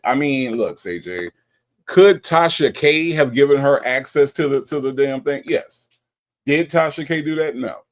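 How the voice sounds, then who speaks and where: A man hosting a casual livestream, reading chat comments aloud and joking, often stumbling and repeating himself. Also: medium pitch.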